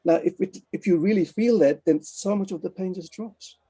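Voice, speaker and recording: A man's voice: high-pitched, moderate pace, mellow, slightly rough. A man talking earnestly in a casual group discussion on a video call, often restarting his sentences. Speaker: group participant.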